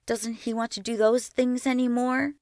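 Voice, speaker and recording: Brief: woman doing a loyal young farm boy for a storybook, pitched up and soft, clean dry read. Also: level tone, moderate pace, dry recording, close to an everyday voice. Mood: pleading. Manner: higher and softer boyish voice. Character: ten-year-old boy, stubborn and loyal.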